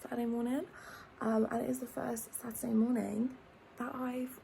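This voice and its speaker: A young woman vlogging casually from her bedroom into a phone camera, often dropping into a soft, half-whispered chat. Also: on the high side, flat delivery, normal speed, vocal fry, a little hiss or hum. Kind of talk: casual day-in-the-life vlog chat. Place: bedroom at home.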